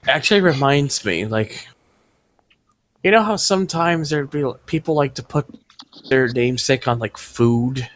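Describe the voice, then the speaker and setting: A man's voice: medium pitch, normal speed, a bit bright, dry recording. A man in casual podcast chat, rambling along and restarting his sentences as he explains. His voice sits in a middle register. The sound is dry and close, with no room in it. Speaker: podcast co-host. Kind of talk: casual chat while watching wrestling.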